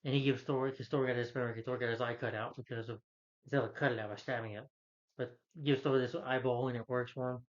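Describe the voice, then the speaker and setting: A man retells a film's story in loose, casual talk, stumbling over names and correcting himself. His voice sits at an ordinary middle pitch. The recording sounds muffled and lo-fi. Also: fairly even intonation, quick pace. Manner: rambling, many fillers and self-corrections. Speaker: film reviewer. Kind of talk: casual movie plot recap.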